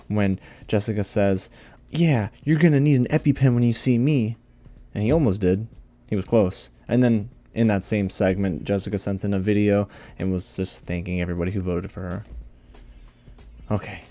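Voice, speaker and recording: A man's voice: lowish voice, warm tone. A young man hosting a casual recap of a reality show, snarky and exasperated, laughing often at what he describes. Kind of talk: casual sarcastic recap commentary.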